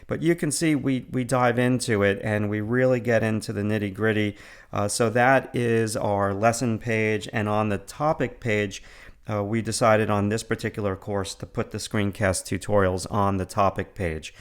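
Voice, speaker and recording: Man, New York accent, middle-aged, somewhat low voice, casual screencast walkthrough, eager, repeats words. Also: steady tone, normal speed, clear, resonant tone. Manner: enthusiastic, with frequent fillers and repeated words. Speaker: online art instructor.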